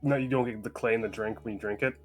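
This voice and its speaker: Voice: medium pitch, steady tone, fast. A speaker on a casual stream who keeps stumbling and restarting as they ask questions. Faint guitar music sits behind the voice. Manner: hesitant, stammering restarts. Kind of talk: casual chat.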